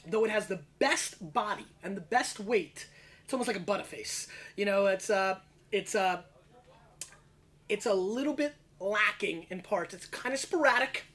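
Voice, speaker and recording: A man in his thirties hosting his own wine review show, talking in a brash, slangy, rapid-fire way as he scores and riffs on each bottle. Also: high voice, lively intonation, fairly bright tone. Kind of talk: casual video wine review.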